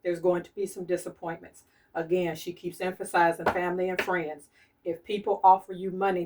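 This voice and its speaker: Low-voiced woman reading tarot cards. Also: level tone, brisk, far from the mic, noisy background. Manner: soft-spoken, repeats her urgings insistently. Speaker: tarot reader and medium.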